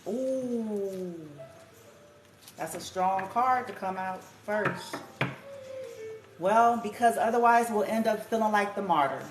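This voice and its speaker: A woman giving a casual, chatty spiritual tarot reading, laughing often and swearing casually. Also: mid-range voice. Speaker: tarot card reader. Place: room at home with music playing. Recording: echoey room with music playing.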